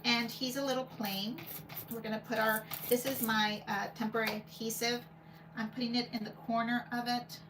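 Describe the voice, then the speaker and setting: A woman hosting a paper crafting video, chatting casually and thinking aloud as she works at home. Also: fairly high pitch. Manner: chatty, rambling, thinks aloud while working. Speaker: paper crafting channel host. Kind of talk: casual craft demo chat. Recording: home recording with steady background noise.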